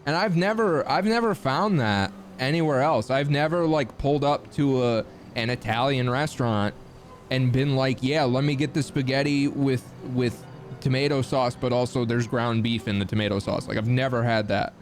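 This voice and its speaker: Chatting casually with his stream chat, a young Midwestern American man swears freely and tosses in lively asides. His voice sits in the mid-range at a normal speed, with faint music in the background.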